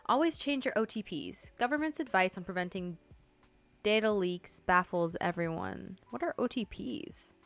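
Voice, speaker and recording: A woman's voice: medium pitch, animated, normal speed, creaky. A young woman hosting a video game playthrough, chatting casually and reading the game's text aloud. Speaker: gaming video host. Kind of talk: casual let's-play commentary.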